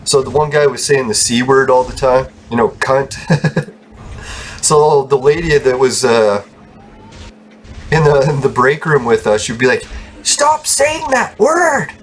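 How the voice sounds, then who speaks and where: Brief: male gaming host, mid-pitched, chuckling, foul-mouthed rambling, faint hiss behind. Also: a little slow, pauses often. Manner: laughs often, swears freely, rambling. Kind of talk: casual gameplay commentary.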